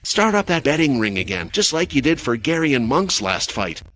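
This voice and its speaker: A man voicing a calm, steady young fighter. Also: medium pitch, normal speed. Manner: calm, level.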